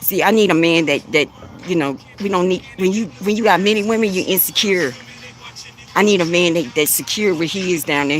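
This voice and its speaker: A woman with a low, bassy voice talks straight to her listeners like a spiritual coach. She preaches in loose, repetitive phrases and often breaks into a short chuckle. A faint hiss sits under her voice. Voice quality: deep voice with bass. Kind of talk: spiritual motivational monologue to camera.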